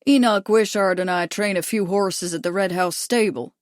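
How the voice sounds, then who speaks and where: A woman's voice: mid-range voice, normal speed, dry recording, studio quality, natural voice. A woman voicing a mocking American male horse trainer in his forties with a broad American drawl, in an audiobook. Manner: mocking, sly. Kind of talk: audiobook character voice.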